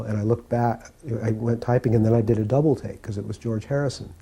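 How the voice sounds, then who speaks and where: Husky, dark-voiced older man reminiscing. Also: mid-range voice, fairly even intonation. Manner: unhurried, reflective storytelling with pauses. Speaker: devotee recalling memories. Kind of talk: spoken personal reminiscence.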